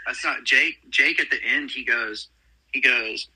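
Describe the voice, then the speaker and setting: A man's voice: medium pitch, a little slow, sharp tone, husky, no echo, poor audio. A young man from Texas co-hosting a podcast, telling stories in a laid-back, joking way. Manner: laid-back, jokey storytelling. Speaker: podcast co-host. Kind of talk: casual chat.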